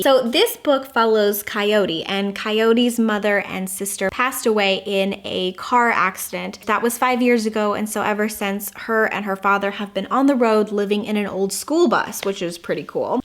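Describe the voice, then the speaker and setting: A young adult woman chatting casually about books in a haul video, bubbly and gushing with lots of fillers. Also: mid-range voice. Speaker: booktuber. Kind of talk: casual book haul chat.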